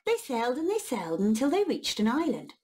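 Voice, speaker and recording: A woman reads a children's picture book aloud in an expressive, unhurried way. Her voice is a little high and breathy, and it rises and falls a lot. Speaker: children's storyteller.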